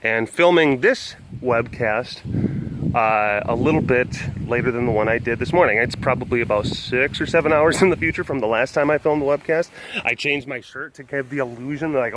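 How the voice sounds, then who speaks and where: A man's voice: medium pitch, normal speed, background noise. A man hosting a casual webcast outdoors, rambling with lots of fillers and self-mocking asides. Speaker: vlog host.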